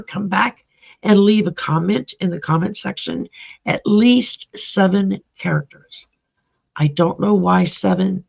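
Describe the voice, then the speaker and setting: A woman's voice: lowish voice, gravelly, husky. A woman doing a live-streamed card reading as a tarot reader, chatty and greeting viewers by name. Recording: dull lo-fi sound.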